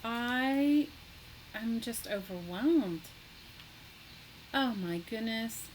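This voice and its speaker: A woman's voice: fairly high pitch, lively intonation, very slow, slight background noise, rough recording. A woman hosting a casual live crafting stream, chatty and greeting viewers by name, gushing with delight. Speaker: craft livestream host.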